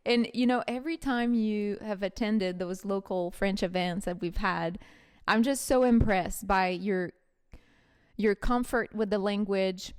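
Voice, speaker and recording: Upbeat woman host with a smooth voice. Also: mid-range voice, a little slow, a little mellow. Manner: upbeat, encouraging and affirming. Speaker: podcast host. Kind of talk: casual conversational interview.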